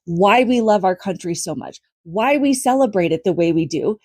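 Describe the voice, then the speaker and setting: An American woman makes her case in earnest, emphatic casual commentary, stacking example after example. Her voice is husky, and the recording is dry and close. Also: mid-range voice, animated, normal speed, darkish tone, no room sound. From United States. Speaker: social media commentator.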